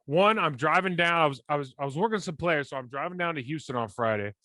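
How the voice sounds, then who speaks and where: A man in his forties, a former football player co-hosting a podcast, telling stories in a blunt, rambling, animated way. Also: on the high side, fast, no room sound. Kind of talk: casual sports chat.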